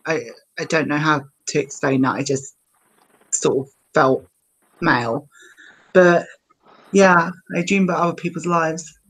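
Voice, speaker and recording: A woman's voice: deep voice, steady tone, measured pace, pauses often, fairly bright tone, rough recording. A woman on a podcast, telling a personal story hesitantly, with many fillers. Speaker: guest. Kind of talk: casual storytelling.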